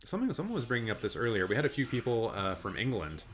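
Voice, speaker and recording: A man with a deep, raspy, hoarse voice, chatting casually and rambling a little as he live-streams his reactions to an awards show on a good mic. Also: very animated, rapid-fire, fairly bright tone. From Canada. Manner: chatty, rambling, with fillers and restarts. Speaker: film channel live streamer. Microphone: good studio mic.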